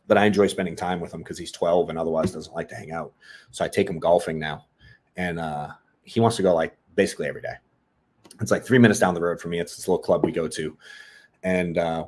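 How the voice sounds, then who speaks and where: A middle-aged man co-hosting a podcast, telling a parenting story in a blunt, profane, animated way. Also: low-pitched, fast talker. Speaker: podcast co-host. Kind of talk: casual podcast monologue.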